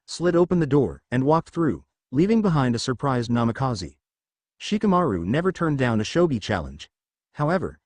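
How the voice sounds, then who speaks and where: A male storyteller reading fan fiction aloud in a steady, expressive way. His pitch moves up and down a lot as he reads. The recording is close and dry, with no room echo. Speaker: narrator.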